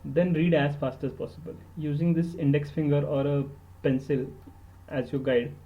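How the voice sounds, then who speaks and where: An earnest Indian man gives study tips in an instructional podcast, his fairly high voice level in tone and moderate in pace. He's emphatic, repeats words for stress, and switches into Hindi, and the recording sounds muffled.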